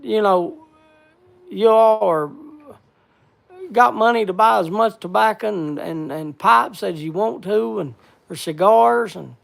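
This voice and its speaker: A man hosting a casual live stream, thanking viewers in a halting, repetitive, heartfelt way. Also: sits high, vocal fry. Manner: halting and repetitive, stumbling over words. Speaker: livestream host.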